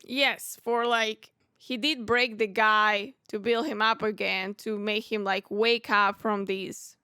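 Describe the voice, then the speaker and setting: A woman co-hosting a casual film review podcast, talking in an unhurried way with lots of hedging "likes". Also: mid-range voice, fairly even intonation, bright, forceful tone, clean tone, no room sound, studio quality. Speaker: podcast co-host.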